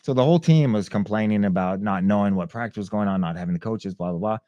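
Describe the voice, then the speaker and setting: A muffled recording with no echo captures a man on the low side, talking fast, a former fighter guesting on a podcast. He tells an animated story in conversation, acting out people's voices and shouts with lively flair.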